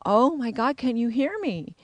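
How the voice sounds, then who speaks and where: A woman's voice: on the high side, very animated, measured pace, no echo, pitched above the performer's own voice. A woman voicing the ghost of a twelve-year-old girl who insistently pleads to be heard. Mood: pleading.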